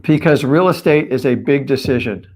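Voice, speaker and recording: A man's voice: mid-range voice, normal speed. A man teaching in a live stream, punchy and emphatic, firing rhetorical questions at his viewers. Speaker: real estate coach.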